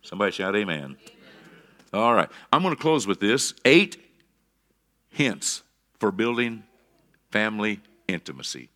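A middle-aged man preaching a sermon as pastor, swinging between quiet asides and emphatic calls for amen from the congregation. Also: lowish voice, big pitch swings, moderate pace, pauses often.

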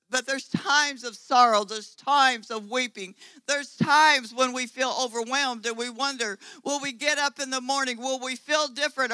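A man preaching a sermon to his congregation, fervent and exhorting, swinging between loud urgent passages and quiet, low stretches. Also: clear, resonant tone, no room sound, low-quality recording. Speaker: pastor.

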